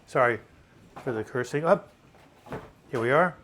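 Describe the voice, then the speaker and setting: A man's voice: medium pitch, lively intonation, a little slow, a bit bright, slight background noise. Chatty man in his seventies. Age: 70s. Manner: chatty, enthusiastic, repeats words when restarting. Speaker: live chat host. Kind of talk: casual live chat reading viewer comments.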